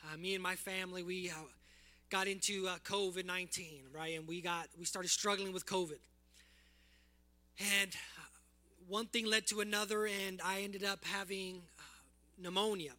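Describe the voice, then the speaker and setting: A man's voice: high-pitched, pushed and bright. A man preaching to a congregation, fervent and emotional as he prays and shares his testimony, calling out to the people. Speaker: guest preacher. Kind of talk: sermon with prayer and testimony.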